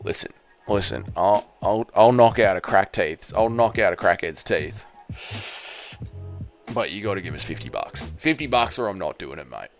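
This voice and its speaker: A man's voice: low voice, expressive, normal speed, soft background music, voice pushed down. Man doing a mumbling toothless fighter. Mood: haggling. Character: toothless male fighter haggling for black-market teeth.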